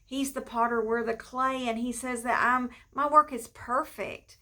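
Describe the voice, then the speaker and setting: A middle-aged pastor's wife giving an informal devotional, talking conversationally and repeating phrases for emphasis. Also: female voice, high-pitched, fairly even intonation, normal speed, hardly any pauses, pushed and bright.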